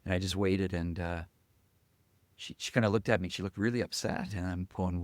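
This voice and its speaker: A man being interviewed as a guest leader, telling a workplace story in a halting, conversational way with frequent restarts. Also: low voice, steady tone, dry recording. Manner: halting, with many restarts and soft asides. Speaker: guest, company chief executive.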